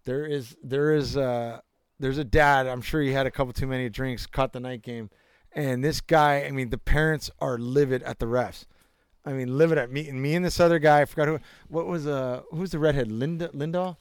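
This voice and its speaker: A man's voice: mid-range voice, fairly even intonation, fairly quick, clean tone, no echo. A young man in casual chat, telling rambling anecdotes with bursts of laughter and crude jokes. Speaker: storyteller.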